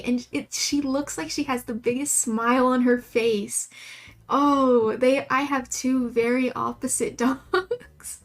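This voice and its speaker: Chatty young woman with a higher voice. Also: a little slow. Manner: rambling, chatty, laughs often. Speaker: livestreamer drawing emotes. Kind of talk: casual chat while drawing.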